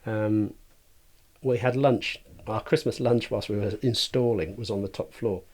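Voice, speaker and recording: A man's voice: on the low side, steady tone, a little slow, darkish tone. A man, a light artist, chatting as a podcast guest, enthusiastic and rambling, with many restarts. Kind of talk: casual interview chat.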